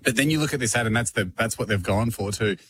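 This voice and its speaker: A man's voice: lowish voice, fast, slight background noise. A man, a podcast co-host telling a story in casual chat and laughing often. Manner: animated storytelling, laughs a lot.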